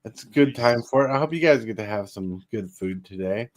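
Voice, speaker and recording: A man's voice: fairly low pitch, expressive, brisk. A man hosting a casual chat show, rambling with lots of fillers and frequent laughter. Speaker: podcast host.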